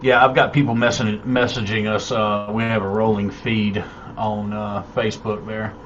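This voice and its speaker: A man hosting a live-stream show in a rambling, halting, easygoing way. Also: on the low side, flat delivery, fairly bright tone, muffled recording, slight background noise. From North Carolina, USA. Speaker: show host. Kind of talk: casual live-stream chat. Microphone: desk microphone on a live stream.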